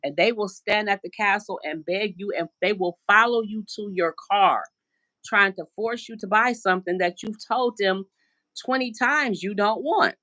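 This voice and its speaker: A woman's voice: mid-range voice, normal speed, sharp tone, no room sound. A middle-aged American woman hosting a casual live stream from home on her phone, rambling through stories and acting out the voices of people she quotes. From United States. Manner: chatty, rambling storyteller who acts out quoted voices. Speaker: livestream host. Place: at home indoors.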